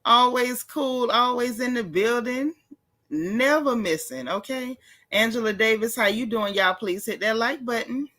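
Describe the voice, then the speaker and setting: Woman running a gossip livestream, chatty, kinda high voice, greets folks one by one. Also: sharp tone. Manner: chatty, greets viewers by name, drawn-out repeated phrases. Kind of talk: casual live-stream chat.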